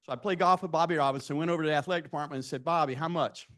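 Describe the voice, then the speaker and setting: His voice runs on the high side and fairly bright, delivered in rapid-fire fashion. The speaker, a man in his sixties, entertains students at a live event with self-deprecating career anecdotes and direct questions to the audience.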